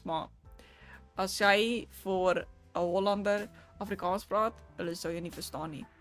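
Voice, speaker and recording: A woman chatting casually on a live stream, laughing often, swearing now and then and switching between languages. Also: medium pitch.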